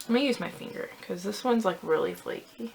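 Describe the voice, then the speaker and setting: A woman's voice: mid-range voice, fairly quick, gravelly, darkish tone. A young woman chatting casually as a beauty vlogger while she does her makeup, self-deprecating and full of "like".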